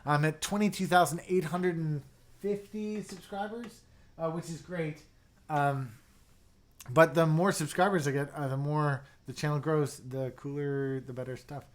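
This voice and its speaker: A young man hosting a casual livestream, chatty and excitable, reading viewer comments and dropping into mumbled asides. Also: a little high, a little slow. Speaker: livestream host reviewing keyboards.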